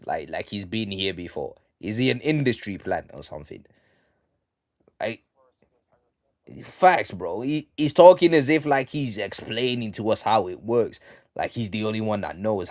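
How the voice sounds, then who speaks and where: A man casually recapping a manga chapter on a live stream, slangy and full of ums, reading the quotes out flat. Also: on the low side, dry recording, studio quality. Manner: slangy, reads out quotes flatly, many ums.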